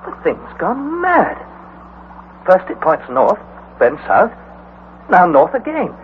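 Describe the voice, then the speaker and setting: An actor playing an excitable young male explorer who also narrates the story, measured in narration and alarmed in the scenes. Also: high voice, heavily acted. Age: young adult. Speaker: narrator and nephew. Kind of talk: 1940s radio acting. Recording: tinny old radio broadcast, faint hiss.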